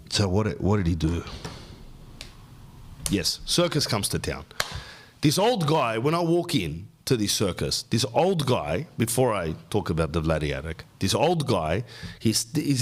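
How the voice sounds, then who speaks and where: An Australian man hosting a podcast, telling stories in a rambling, slangy monologue. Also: mid-range voice. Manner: rambling, slangy storytelling, says bro often. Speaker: podcast host.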